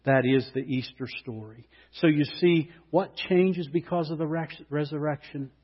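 A man's voice: a little high, normal speed, husky. A male pastor giving an Easter sermon in an earnest way, building to emphatic peaks and reading scripture aloud. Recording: dull lo-fi sound with long hall reverb.

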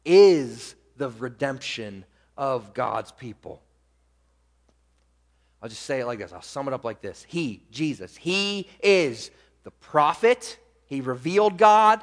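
A man preaching a sermon as pastor, pressing hard on key words and then dropping to quiet asides. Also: fairly high pitch. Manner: emphatic, swings between loud stresses and quiet asides. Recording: long hall reverb.

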